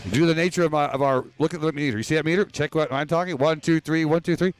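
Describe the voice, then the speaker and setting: A man's voice: fairly high pitch, rapid-fire, over music. A man hosting a live rock TV show, bossy and joking as he gives mic instructions. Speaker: show host. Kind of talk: live TV banter.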